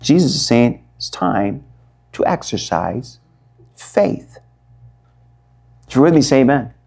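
A male pastor preaching a sermon, stretching out words for dramatic emphasis and swinging between quiet and loud. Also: very animated, vocal fry, slightly rough. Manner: dramatic, drawn-out emphasis with wide swings in pitch and loudness.

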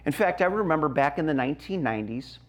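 A man's voice: a little high, expressive, quick pace. A middle-aged man preaching a sermon as a pastor, reading scripture and explaining it emphatically, his voice rising and dropping sharply. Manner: emphatic preaching with wide swings in loudness.

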